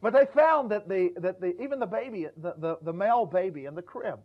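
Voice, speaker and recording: A man's voice: high voice, lively intonation, fairly quick. A middle-aged male preacher giving a folksy, humorous church sermon, stumbling over repeated words and acting out quoted voices. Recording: dull lo-fi church recording.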